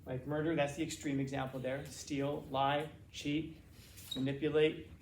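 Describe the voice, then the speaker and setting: A man with a somewhat high voice lectures a class in a relaxed, conversational way, often stumbling and repeating words as he finds his phrasing. He is recorded in an echoey classroom with a faint hum behind him. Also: moderate pace. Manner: casual, repeats words when searching for phrasing. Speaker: teacher.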